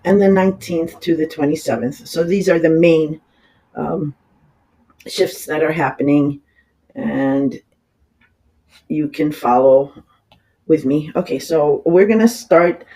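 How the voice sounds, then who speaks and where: Astrologer, raspy from a cold, casual and rambling, apologetic, plenty of fillers. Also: medium pitch, slow pace, long pauses, dark tone, poor audio. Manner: rambling, with many fillers and restarts. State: has a cold. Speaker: astrologer giving horoscopes. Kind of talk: casual horoscope reading.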